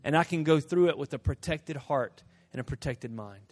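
A man preaching a sermon, dropping to a hush and then rising to loud emphasis, acting out short dialogues in different voices. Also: fairly high pitch, moderate pace. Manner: swings from hushed to loud, emphatic. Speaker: pastor.

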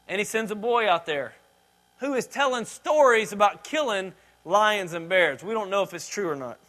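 A man preaching a sermon, his voice sitting high and ringing bright. He retells scripture in a casual, joking way, slipping into quoted lines along the way. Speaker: pastor.

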